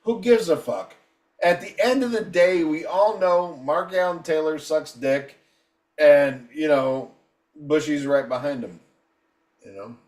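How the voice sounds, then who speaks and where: A high-voiced man about to turn fifty-one tears into a heated, foul-mouthed rant on a casual podcast. He sounds a little distant from the mic, and the room rings with a clear echo around him. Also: unhurried, a little mellow. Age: 50s. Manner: profane, combative, heated ranting. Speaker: podcast co-host.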